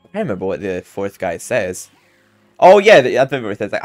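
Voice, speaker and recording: With game music in the background, a gaming channel host keeps up a rambling, chatty commentary while playing, laughing a lot. His voice sits on the low side, with lively intonation and a quick pace.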